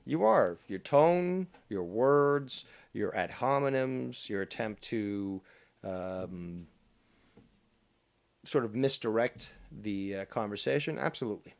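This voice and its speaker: Canadian guy hosting a shouty panel, smug and sweary, lectures everyone. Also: on the low side, animated, slow pace, vocal fry. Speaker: show host. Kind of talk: heated panel argument.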